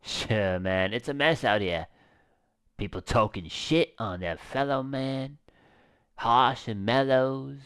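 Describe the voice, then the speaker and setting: A man's voice: mid-range voice, takes it slowly, a bit bright, clean tone, no echo, clean studio sound. A man doing a drawling stoner surfer dude. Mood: mellow. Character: laid-back male surfer stoner dude, young adult. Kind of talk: reading game dialogue aloud.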